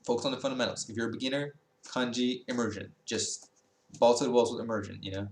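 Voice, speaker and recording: A man's voice: medium pitch, quick pace, reverberant. A young man giving blunt, rambling advice on learning a language in a casual vlog, full of fillers and restarts, swearing and laughing at times.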